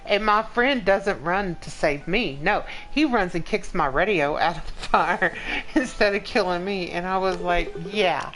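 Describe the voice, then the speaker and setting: A game streamer in her forties rambles through stories for her live chat, laughing mid-sentence and using "like" constantly. Her voice is on the low side and a bit bright, though the audio quality is poor.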